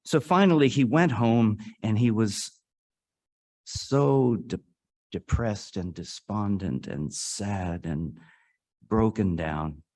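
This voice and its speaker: Speaking at a slow pace, a man with a fairly low voice gives an earnest storytelling sermon to a congregation in a worship service hall. His delivery climbs to dramatic rises, then falls to hushed drops.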